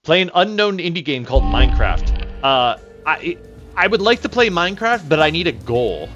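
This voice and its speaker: A man's voice: fairly high pitch, very animated, moderate pace, muffled recording, over music. A man streaming a game live, rambling and swearing as he reacts and chats with viewers. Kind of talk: casual live gameplay commentary.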